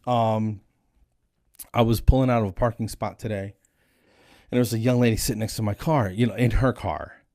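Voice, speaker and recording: Mellow, low-voiced man in his forties. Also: fairly even intonation, normal speed, pauses often, no echo, studio quality. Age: 40s. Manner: rambling, self-deprecating joking. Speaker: comedian and dental hygienist. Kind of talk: casual solo vlog monologue. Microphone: single static camera.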